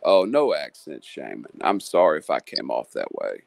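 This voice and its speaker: A man's voice: rumbling low, sing-song, normal speed, creaky, dry recording. A man who hosts a live panel stream and chats casually, musing at length in a friendly way. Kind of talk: casual chat.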